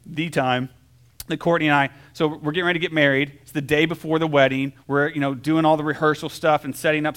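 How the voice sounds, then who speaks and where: Casual, chatty young man preaching. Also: a little high. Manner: conversational, lots of filler "like" and "right?"; animated storytelling, swings between soft and loud. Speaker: pastor. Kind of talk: casual sermon.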